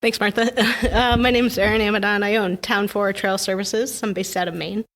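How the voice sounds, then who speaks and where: A woman's voice: mid-range voice, steady tone, moderate pace. A woman in her forties with a mid-range voice talks through ideas in a casual podcast conversation. She sounds friendly and thoughtful. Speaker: trail contracting business owner.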